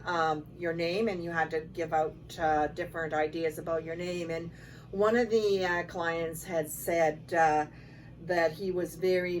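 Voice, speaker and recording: A woman, executive director of a shelter, telling stories in a relaxed conversational way, quoting people as she goes. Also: fairly low pitch. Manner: conversational, relaxed, with fillers and quoted dialogue. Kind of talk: casual storytelling to camera. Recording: distant mic with faint background noise.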